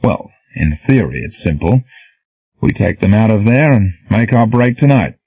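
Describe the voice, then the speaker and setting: A man voicing a calm, dry-witted male commando leader who speaks without heat, in a storybook reading. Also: lowish voice, moderate pace, no room sound, pitched above the performer's own voice, lightly acted. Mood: steady. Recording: dull, dry, lo-fi.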